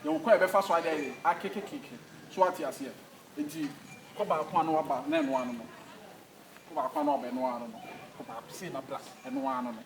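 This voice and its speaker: This Ghanaian-accented man, voice fairly high and delivery brisk, portrays a domineering football coach for a comedy skit, issuing commands in mixed Twi and English. Faint noise and echo come through, and he is positioned well away from the mic.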